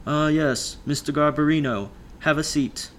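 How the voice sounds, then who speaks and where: A busy, distracted director, as a male narrator puts him on, offhand and only half sincere. His voice sits a little higher than the narrator's own. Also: unhurried, a bit bright, slight background noise.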